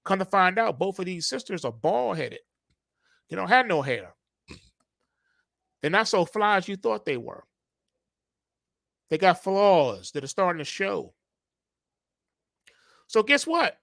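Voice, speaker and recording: A man's voice: high-pitched, very animated, unhurried, vocal fry, pauses often, fairly bright tone, dry recording, studio quality. A man hosting a trading channel, giving casual market commentary through slangy, playful storytelling.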